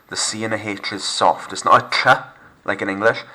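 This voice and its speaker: A man's voice: lowish voice, flat delivery, quick pace, bright, forceful tone, rough recording. A male teacher from Wales, giving a recorded remote language lesson and patiently explaining step by step with fillers.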